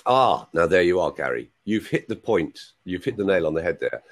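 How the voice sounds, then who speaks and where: A man's voice: deep voice, very animated, moderate pace. A man working as a voice coach on a video call. He has a cold and coughs, and he explains patiently, often checking with "right?".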